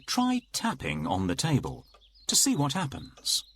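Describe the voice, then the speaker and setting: Slow, lilting storybook narrator, a man. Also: mid-range voice, huge pitch swings, a bit bright, a little hiss or hum. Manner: slow, lilting read-aloud delivery. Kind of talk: scripted storybook narration for children.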